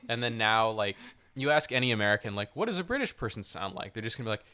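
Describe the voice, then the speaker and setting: A man co-hosting a casual movie chat, talking in an animated, swearing way and slipping into mock voices for jokes. His voice is forceful and bright, with a smooth, resonant tone. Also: on the low side, fast. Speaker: podcast co-host.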